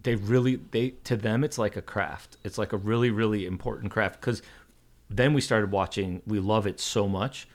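A man's voice: lowish voice, moderate pace. Rambling, laughing man in casual chat.

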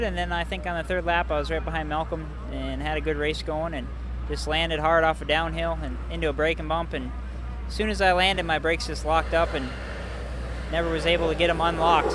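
A young man, a pro motocross rider, giving a relaxed, matter-of-fact interview outdoors at a race track. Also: fairly high pitch, noisy background. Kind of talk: casual post-race interview.

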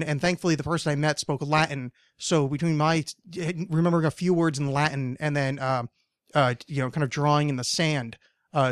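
A man's voice: fairly high pitch, no echo, clean studio sound. A man in his thirties hosting a podcast, telling a long rambling story full of swearing. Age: 30s. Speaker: podcast host. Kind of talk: casual chat.

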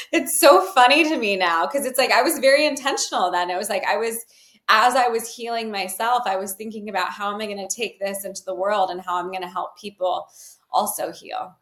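A woman's voice: medium pitch, a little fast, fairly bright tone. A woman telling her personal story in an interview, talking loosely with many fillers and restarts. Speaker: guest, healer. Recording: roomy echo.

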